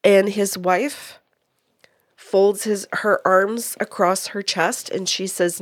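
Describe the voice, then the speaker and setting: A woman speaks slowly in a fairly low, level voice, recorded clean and dry in a studio. Telling an informal story about giving a reading as a medium, she repeats people's words in quotes and frequently starts over.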